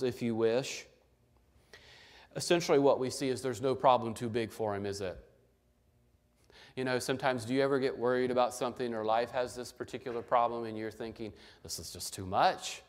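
A man's voice: medium pitch, darkish tone. A man preaching a sermon, teaching with emphatic rhetorical questions.

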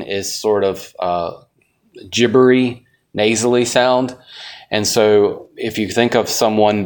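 A man teaching a conversational Bible lesson, folksy and asking his class rhetorical questions. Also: lowish voice.

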